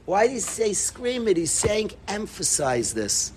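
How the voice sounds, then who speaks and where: A middle-aged man giving an animated Torah talk to students, repeating himself and bursting into emphatic calls. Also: sits high, measured pace, hardly any pauses, a little hiss or hum. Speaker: yeshiva rabbi.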